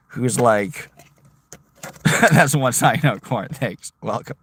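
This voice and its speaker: A man's voice: mid-range voice, takes it slowly, pauses often, husky, no room sound. A man livestreaming casually on a road trip, rambling, reading chat aloud and talking to his dog. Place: outdoors and in a car on a road trip.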